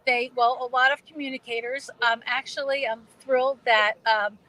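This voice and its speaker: A woman's voice: high voice, fairly even intonation, normal speed, sharp tone, low-quality recording. A middle-aged woman with a New England accent, chatting casually as a guest, with lots of fillers and restarts. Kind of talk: casual video chat.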